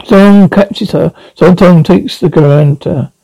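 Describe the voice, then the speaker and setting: Gravelly dark-voiced guy reading stage directions, plain and measured. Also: high-pitched, no echo, poor audio. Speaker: reader.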